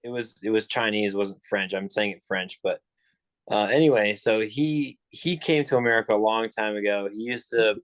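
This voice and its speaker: A man's voice: lowish voice, moderate pace, no room sound. A young man telling a long story on a casual podcast, rambling with lots of fillers and restarts. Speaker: podcast co-host.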